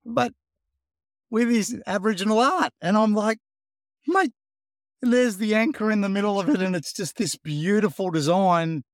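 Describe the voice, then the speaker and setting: An Australian man with a slightly higher-than-usual voice tells a story in a casual interview. He speaks animatedly and acts out the conversations as he goes. The sound is close and dry. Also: no room sound. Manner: animated storyteller, acts out dialogue, says "mate". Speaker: guest, program founder.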